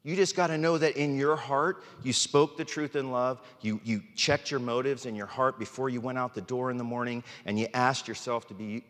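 A man's voice: mid-range voice, steady tone, moderate pace, hardly any pauses, a bit bright, big-room sound. A male pastor preaching a candid, informal sermon from the pulpit, speaking frankly and poking fun at himself. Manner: candid, informal, self-deprecating. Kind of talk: conversational sermon. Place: church sanctuary.

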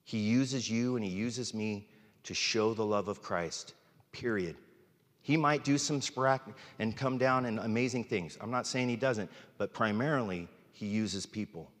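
A man's voice: fairly low pitch, normal speed. Candid male pastor in a reverberant hall. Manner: candid, informal, self-deprecating. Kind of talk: conversational sermon. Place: church sanctuary.

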